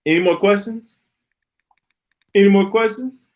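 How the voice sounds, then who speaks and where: A man's voice: high-pitched, steady tone, unhurried, rough recording. A man hosting a live stream, ranting in an exasperated, sarcastic way and often repeating himself. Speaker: podcast host.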